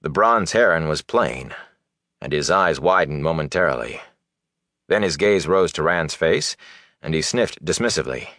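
A man narrating a fantasy novel in an expressive, dramatic way. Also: extremely low pitch, normal speed, dry recording, studio quality. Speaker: audiobook narrator.

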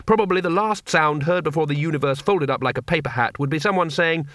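A man narrating a comic fantasy audiobook in a wry, expressive storytelling manner. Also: on the high side, quick pace, no room sound, studio quality. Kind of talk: scripted narration.

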